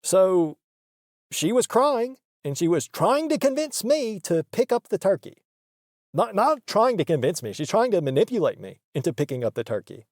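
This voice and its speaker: A man's voice: high-pitched, very animated, normal speed, a little mellow, no room sound, clean studio sound. A man in a comedic monologue, ranting defensively and justifying himself with insistent repetition. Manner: defensive, self-justifying, repeats for emphasis. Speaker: comedic character host.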